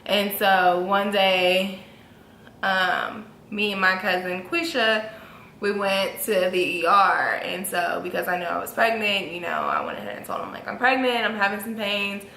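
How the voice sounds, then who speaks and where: Bright animated young woman storyteller. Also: measured pace, gravelly, a little hiss or hum. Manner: animated, acts out quotes with big pitch jumps. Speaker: vlogger. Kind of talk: casual storytelling. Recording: echoey room with faint ambience.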